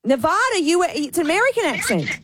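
An Irish woman from Ireland hosting a radio show, chatting casually in an animated, easily flustered way and laughing often. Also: very high-pitched, a little fast, crowd noise. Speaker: radio host.

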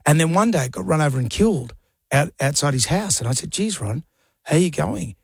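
A man's voice: fairly high pitch, expressive, a little fast, creaky, breathy edge, no echo, clean studio sound. A middle-aged man, co-hosting a radio show, supportive and jokey. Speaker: radio co-host. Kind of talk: casual radio chat.

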